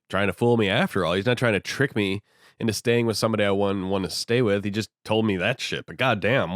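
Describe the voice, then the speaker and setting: A man's voice: fairly low pitch, dry recording, clean studio sound, close to an everyday voice. A man voicing an exasperated young male sailor who rants indignantly and swears a lot. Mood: grumbling. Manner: ranting, profane, indignant.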